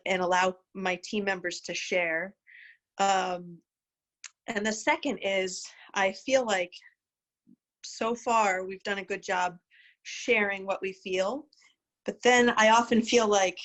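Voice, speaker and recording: A woman's voice: medium pitch, fairly bright tone. A woman physician asking a question on a video call, hesitant and full of ums as she thinks aloud.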